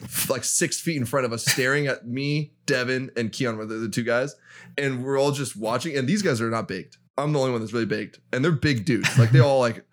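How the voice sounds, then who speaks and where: A young man casually telling a story on a podcast, animated and laughing as he acts out the people in it. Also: mid-range voice, fairly quick. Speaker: podcast co-host.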